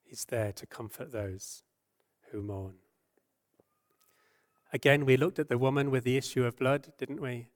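Gentle, earnest male preacher. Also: mid-range voice, steady tone. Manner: softens and slows when quoting scripture. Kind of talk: sermon.

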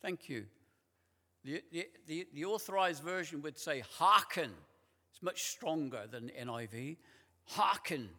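Guy preaching slow, kinda high voice, big church echo. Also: a bit bright. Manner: slow, deliberate preaching with emphatic repeated words. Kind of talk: sermon. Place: large church. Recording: long church reverb.

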